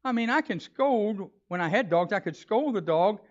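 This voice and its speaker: A man's voice: high voice, moderate pace. Brief: male pastor, conversational and playful sermon delivery, muffled church recording. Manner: animated, joking, conversational preaching.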